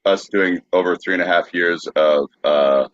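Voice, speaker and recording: A man co-hosting a podcast, talking casually in a dry, steady way as the straight man. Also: low voice, moderate pace, dry recording. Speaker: podcast co-host. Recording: dull lo-fi audio.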